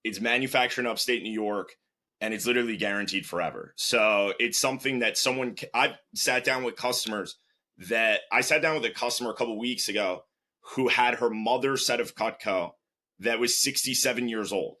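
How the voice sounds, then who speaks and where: A man hosting a casual conversational interview, an animated storyteller who restarts his sentences often. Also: medium pitch, brisk. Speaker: interview host, sales manager.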